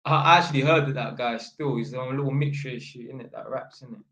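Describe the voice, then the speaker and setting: A man's voice: medium pitch, brisk, fairly bright tone, dull audio. Rambling man, slangy, in an echoey room. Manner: slangy, rambling, full of fillers and restarts. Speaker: electrician. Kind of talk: storytelling vlog. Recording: roomy echo.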